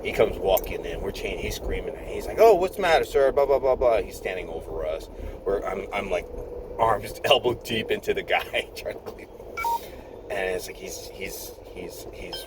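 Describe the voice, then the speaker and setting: A man's voice: deep voice, moderate pace, background noise. A nurse in his fifties tells a rambling work story, with many restarts and chuckles. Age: 50s. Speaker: nurse vlogger.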